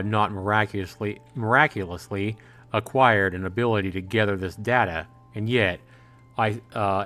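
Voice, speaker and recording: A man voicing a gentle male android servant who speaks in a measured, formal, matter-of-fact way. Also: lowish voice.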